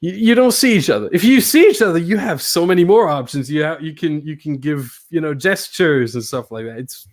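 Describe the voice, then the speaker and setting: A man's voice: a little high, animated, a little fast, few pauses. A man hosting a casual podcast, talking about commentary in a playful, teasing way and laughing often. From not British. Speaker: podcast host and sim racing commentator.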